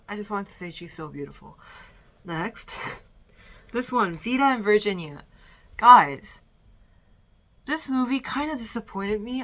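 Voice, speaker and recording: A young woman talks through her movie picks in an easy, rambling way from her bedroom, with a slightly low voice and an unhurried pace. She sounds a little out of breath, pausing between thoughts and trailing off into fillers. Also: a bit bright. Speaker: vlogger. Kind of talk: casual movie-ranking chat.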